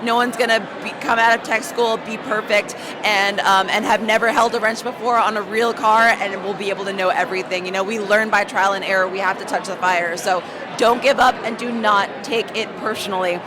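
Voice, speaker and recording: A woman mechanic, hoarse from talking all day, giving emphatic, motivating interview answers. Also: medium pitch, steady tone, brisk, few pauses. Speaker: automotive technician guest. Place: busy trade show floor. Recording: crowd chatter and noise behind.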